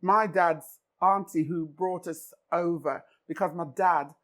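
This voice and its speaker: A woman's voice: lowish voice, steady tone, takes it slowly. An older woman from Jamaica with a Jamaican accent, telling childhood stories in a casual family chat, often laughing. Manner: laughs often, storytelling with restarts. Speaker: podcast host.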